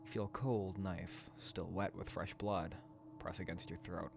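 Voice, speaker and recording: A man reading a horror dating game aloud in a quiet voice, breaking into loud, profane rants between passages. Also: low-pitched, steady tone, measured pace, vocal fry. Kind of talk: let's play narration and commentary.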